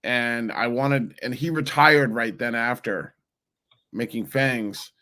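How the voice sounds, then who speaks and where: Guest voice: man, 40s, New Jersey-raised, lively rambling storyteller, mid pitch. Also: slow pace. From New Jersey, USA. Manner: animated, rambling, many restarts. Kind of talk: casual interview storytelling.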